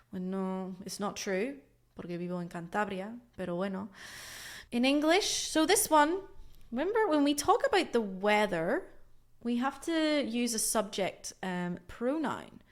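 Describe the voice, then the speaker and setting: A young woman teaching an English lesson live online. She explains in English and Spanish and says example phrases slowly. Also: medium pitch. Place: lives in Cantabria, Spain.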